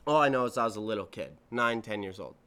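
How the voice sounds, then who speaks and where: A man in his twenties hosts a solo podcast, telling rambling, profane stories and correcting himself as he goes. He talks fast with lively intonation, and his fairly low voice is pushed, bright and smooth.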